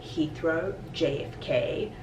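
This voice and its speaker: Woman from South Africa, expressive casual talk, roomy lobby sound, distant mic. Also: low-pitched, takes it slowly. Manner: expressive, laughs while telling stories. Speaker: discussion guest. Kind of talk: casual chat. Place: hotel lobby. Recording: roomy echo, distant mic, faint noise.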